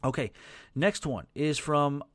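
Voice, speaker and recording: A man hosting a podcast in casual chat, with a softened New York accent, rambling and correcting himself as he answers listener emails. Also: fairly high pitch, slow pace, no room sound. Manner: rambling, self-correcting, conversational. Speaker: podcast host.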